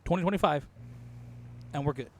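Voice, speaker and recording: A man's voice: fairly high pitch, brisk, a little mellow, a little hiss or hum. A man chatting casually while gaming, teasing his friend and laughing often. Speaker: gamer.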